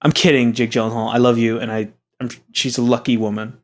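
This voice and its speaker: A young man chatting loosely as a podcast co-host. He gets excited fast and gushes over things, dropping swear words as he goes. His voice sits at an ordinary middle pitch. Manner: excitable, swears freely, mock-gushing. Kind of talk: casual chat.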